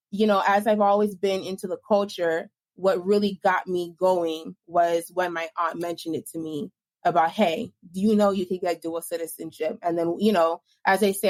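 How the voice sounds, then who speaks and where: A woman born in the United States, a podcast guest recounting her experience in a relaxed, conversational way. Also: on the low side, moderate pace. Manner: relaxed storytelling with many fillers. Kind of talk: casual podcast interview.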